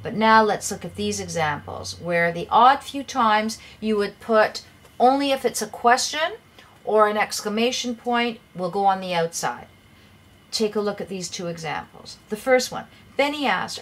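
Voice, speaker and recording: A woman's voice: medium pitch, animated, normal speed. A woman teaching an English grammar lesson, patiently explaining rules and reading example sentences aloud with emphasis.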